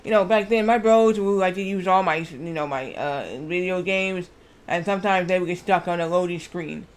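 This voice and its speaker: A man's voice: high-pitched, normal speed. A man livestreaming a video game while telling a long family story, repeating words and restarting his sentences as he goes. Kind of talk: rambling storytelling while gaming.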